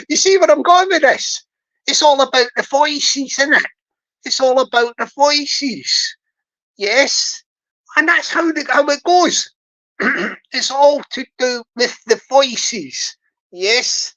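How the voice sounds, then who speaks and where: A woman's voice: sits high, slow pace, fairly bright tone, rough recording. A woman giving joking livestream commentary, rambling, repeating herself and laughing often. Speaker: livestream host.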